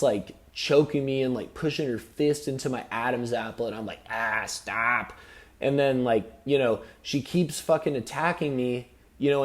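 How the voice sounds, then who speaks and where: A man recounting his own experiences in a loose, confessional vlog. He rambles and circles back with constant "you know"s and "um"s, and drops casual swearing along the way. His voice sits at an ordinary middle pitch for a man. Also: a little mellow. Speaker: vlogger. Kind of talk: personal storytelling to camera.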